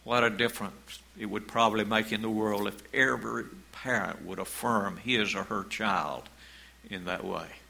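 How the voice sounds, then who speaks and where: Slow, gravelly male preacher. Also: on the low side, sharp tone, low-quality recording. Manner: slow, measured preaching, reading scripture aloud. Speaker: pastor. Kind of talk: sermon.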